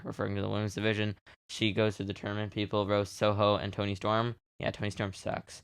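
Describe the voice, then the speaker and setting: A man's voice: on the low side, monotone, fairly quick, fairly bright tone, clear, resonant tone, no echo. A man co-hosting a wrestling podcast, chatting casually in a rambling, joking way and laughing easily. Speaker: podcast co-host. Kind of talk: casual wrestling recap chat.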